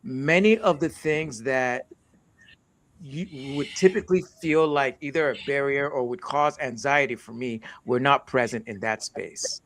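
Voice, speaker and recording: A man's voice: mid-range voice, a little slow, fairly bright tone. A man born in the United States and raised in Nigeria, telling a personal story in a casual conversation with earnest reflection and frequent restarts. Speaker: co-host.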